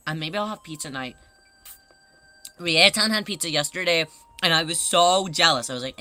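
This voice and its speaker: A woman streamer in casual livestream chat, rambling through a story with many fillers and breaking into laughing shouts. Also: low voice, a little fast. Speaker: live streamer.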